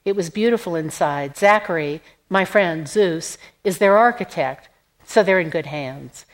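A woman's voice: on the low side, measured pace, close to an everyday voice. A woman voicing a poised, gracious woman chatting at a party in an audiobook.

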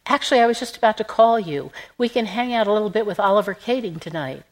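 A woman voicing a restless, wry heroine who talks quickly in an audiobook. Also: mid-range voice, lively intonation, pitched above the performer's own voice, close to an everyday voice, low-quality recording. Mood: brisk.

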